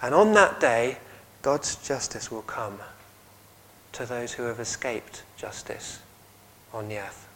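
A man's voice: mid-range voice, slow pace, long pauses, rough recording. A man with an English accent preaching a sermon, telling stories and asking the congregation questions. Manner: lively storytelling, audience questions.

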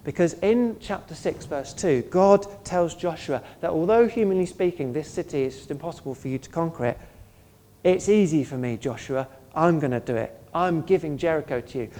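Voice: mid-range voice, moderate pace, mellow. A pastor preaching a sermon in an earnest, conversational way, often asking the listeners questions.

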